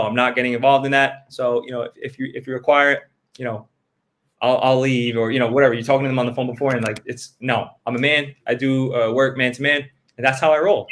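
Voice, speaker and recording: A man's voice: mid-range voice, fairly bright tone. A man giving blunt, profane business advice in casual chat, acting out customers' quotes as he goes.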